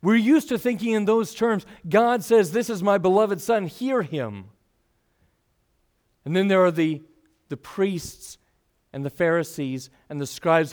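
A man's voice: high-pitched, a little mellow. A man preaching a sermon, teaching earnestly with rising and falling emphasis.

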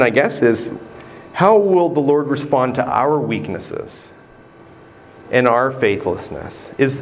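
Slow, deliberate male preacher. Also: mid-range voice, slight background noise. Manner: slow, deliberate preaching with pauses and repeated words. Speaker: pastor. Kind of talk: sermon.

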